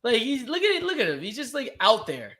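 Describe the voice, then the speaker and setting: Excitable high-voiced young man chatting sports. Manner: excitable, trash-talking, quick to shout. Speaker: podcast co-host. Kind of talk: casual sports chat.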